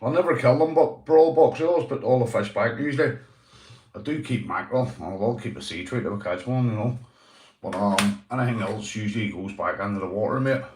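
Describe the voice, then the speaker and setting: A man's voice: on the low side, brisk, a little mellow. Chatty Northern Irish man, echoey room. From Northern Ireland. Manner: loose and chatty, swearing, calls viewers "mate". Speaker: livestream host. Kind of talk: casual livestream chat reading comments.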